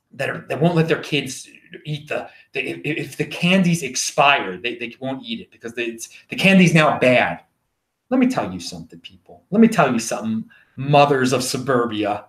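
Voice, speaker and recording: A man with a Baltimore accent rambles through his stories in a casual solo show. His fairly high voice swoops up and down a lot, and the room around him rings with echo. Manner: rambling, animated storytelling. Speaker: show host. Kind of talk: casual monologue.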